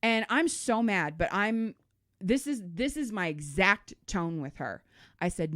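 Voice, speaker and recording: A middle-aged woman co-hosting a casual podcast, telling a story with a lively, swooping voice and plenty of swearing. The sound is close and dry, with no room around it. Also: mid-range voice, unhurried, dry recording. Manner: animated storytelling, swears freely. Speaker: podcast co-host. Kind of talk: casual chat.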